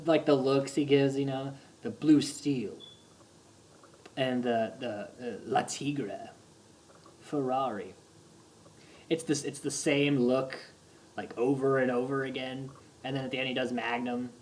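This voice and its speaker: A man giving a casual, rambling movie review, full of fillers and quick impressions. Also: medium pitch, darkish tone, slight background noise, low-quality recording. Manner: rambling and chatty, lots of fillers, breaks into impressions.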